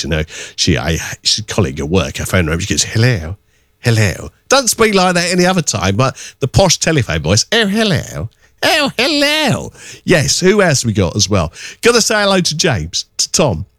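Jokey radio DJ man, very lively pitch. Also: dry recording, clean studio sound. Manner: jokey, teasing, rambling. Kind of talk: casual radio chat with listener shout-outs.

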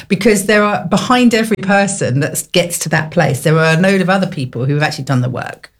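Earnest British woman with a deep voice. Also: expressive, fast talker, few pauses. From Britain. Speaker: radio host. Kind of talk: casual radio chat.

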